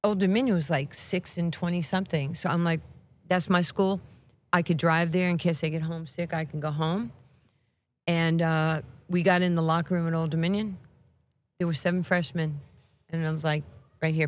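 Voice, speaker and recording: A woman in her sixties with a New York accent, a podcast guest who tells animated stories, acts out voices and laughs often. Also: low voice, fairly quick. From Brooklyn, New York. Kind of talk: animated storytelling.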